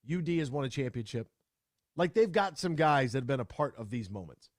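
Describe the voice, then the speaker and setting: A man hosting a sports talk radio show, ranting in a fired-up way with quick repeated restarts, into a studio microphone. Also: medium pitch, lively intonation, no echo.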